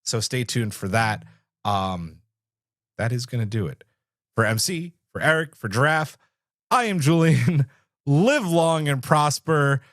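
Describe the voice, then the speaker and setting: A man hosting a podcast, chatting casually in an animated, jokey way. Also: mid-range voice, measured pace, pauses often, no room sound, clean studio sound. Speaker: podcast host. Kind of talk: casual chat.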